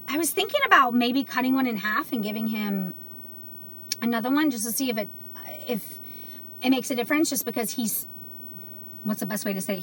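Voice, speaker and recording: A woman's voice: on the high side, pushed and bright, a little hiss or hum. A woman hosting a casual livestream, talking earnestly to viewers with lots of fillers. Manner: earnest, chatty, many fillers. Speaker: livestream host selling CBD.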